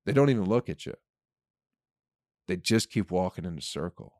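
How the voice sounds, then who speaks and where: A man's voice: low voice, lively intonation, fairly quick, long pauses, darkish tone, no room sound, studio quality. A man hosting a comedy podcast, rambling in a casual monologue, swearing freely and acting out made-up scenes. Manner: rambling, profane, acts out hypothetical scenes.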